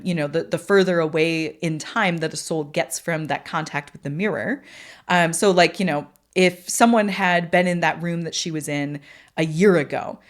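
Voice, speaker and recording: A young woman hosting a podcast, telling a long story in a chatty, rambling way with many restarts, putting on a high bubbly voice for quoted lines. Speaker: podcast host. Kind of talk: storytelling monologue.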